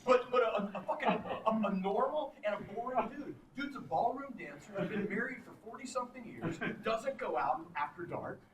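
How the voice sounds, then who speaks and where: A man's voice: very high voice, animated, moderate pace, few pauses, fairly bright tone. A man from Texas telling laughing, profane anecdotes as a guest on a convention panel, heard in a noisy hall from far off.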